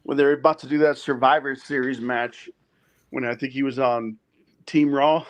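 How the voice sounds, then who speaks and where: A man's voice: medium pitch, fairly even intonation, moderate pace. A man in casual chat, hesitant and correcting himself with frequent fillers.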